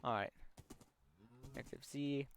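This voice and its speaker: This young gaming streamer has a gravelly, medium-pitched voice with fairly even intonation and a measured pace. He chats casually on stream, telling long, rambling stories stuffed with ums and likes, over slight background noise.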